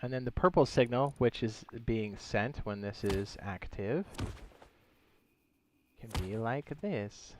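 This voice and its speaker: A man's voice: medium pitch, expressive, slow pace, background noise. Chatty male gaming streamer. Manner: chatty, loose, thinks aloud while building. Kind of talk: casual gaming livestream commentary.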